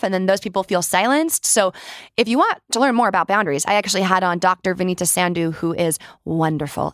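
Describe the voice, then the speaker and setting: A woman's voice: medium pitch, dry recording, studio quality. A woman hosting her own podcast, talking earnestly and heartfelt straight to her listeners in a reflective monologue. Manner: earnest, heartfelt, speaks to listeners as "you guys". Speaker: podcast host.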